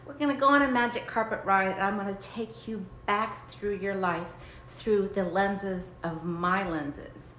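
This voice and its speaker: A woman voicing God as a calm, teasing, fatherly guide who is playfully blunt. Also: mid-range voice, unhurried, slight background noise, natural voice. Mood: guiding. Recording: roomy, echoey room.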